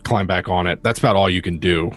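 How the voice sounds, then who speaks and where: A man narrating as game master, describing scenes with many pauses and fillers. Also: deep voice, a bit bright.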